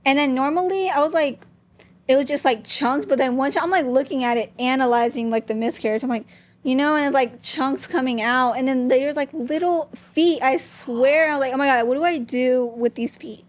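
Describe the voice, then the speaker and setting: A woman's voice: high-pitched, moderate pace. A young woman, a podcast guest, telling a personal story openly and candidly, with many "like" fillers. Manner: open, talks with frequent "like" fillers.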